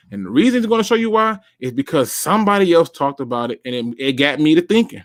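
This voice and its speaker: A man's voice: a little high, quick pace, hardly any pauses. A man hosting a solo sports talk show, speaking straight to his viewers and reacting as he reads. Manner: animated, talks to viewers directly, reads out and reacts.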